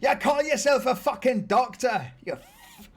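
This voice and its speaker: A man voicing a rowdy, foul-mouthed male tavern keeper, loud and mocking. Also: extremely high pitch, expressive, unhurried, soft background music, pitched above the performer's own voice, full character voice.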